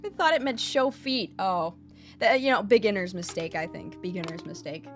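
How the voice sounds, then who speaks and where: A woman's voice: medium pitch, normal speed, fairly bright tone, faint music behind. A woman streaming a casual lesson, blunt and a bit profane, who repeats her points and keeps checking in with "okay?". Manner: repeats phrases for emphasis. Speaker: VTuber streamer teaching Japanese.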